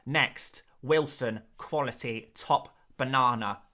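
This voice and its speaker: A man's voice: mid-range voice, takes it slowly, sharp tone. A man putting on a pompous, over-precise statistics presenter voice. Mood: mock-formal. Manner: over-precise, mock-formal delivery.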